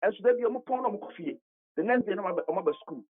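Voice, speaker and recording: A Ghanaian commentator calling into a radio talk show, heated and full of rhetorical questions, often repeating words for emphasis. The pitch swings widely as the argument builds. It all comes through a thin, tinny phone line. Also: lively intonation, racing.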